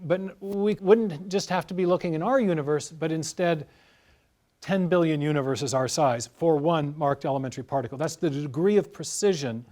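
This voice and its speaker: A man as an interview guest, explaining carefully in a measured, lecturing way with worked examples. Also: on the high side, warm tone. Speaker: guest scientist.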